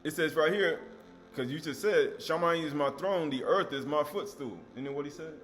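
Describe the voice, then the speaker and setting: A man's voice: on the high side, moderate pace, a bit bright, soft background music. A man giving a scripture teaching, emphatic, repeating key words and asking rhetorical questions.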